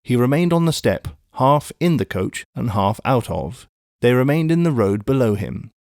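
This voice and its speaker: A man reading a classic novel aloud in measured storytelling narration. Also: mid-range voice, very animated, a little mellow, no room sound, studio quality. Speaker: audiobook narrator. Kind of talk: scripted narration.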